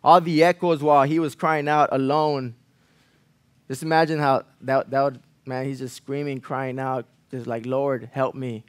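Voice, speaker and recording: A man preaching a sermon in a church, earnest, repeating phrases for emphasis, rising loud on key lines and falling quiet after. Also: flat delivery, moderate pace, no echo. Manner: earnest, swells louder on key lines then drops low. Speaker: pastor.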